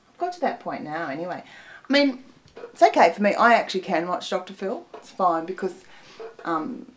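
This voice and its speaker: Lively Australian woman comic, rambling. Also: lowish voice, moderate pace. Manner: chatty, rambling with frequent fillers, swears freely. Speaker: comedian. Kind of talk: comic monologue.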